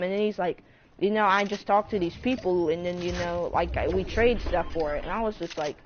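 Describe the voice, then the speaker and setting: A man's voice: high voice, fairly quick. A male storyteller in a casual storytime vlog, rambling with lots of fillers and self-corrections. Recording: muffled lo-fi recording with faint hiss.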